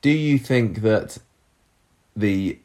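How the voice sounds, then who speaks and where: A man co-hosting a casual podcast, chatting and reading out listener messages with quick asides. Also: on the low side, a little mellow. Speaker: podcast co-host.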